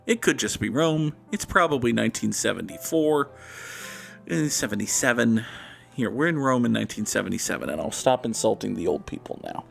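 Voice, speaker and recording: A man's voice: medium pitch, animated, a little fast, gravelly, soft background music. A man hosting a gaming channel, talking through a guessing game in a sarcastic, rambling, self-mocking way. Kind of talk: casual gameplay commentary.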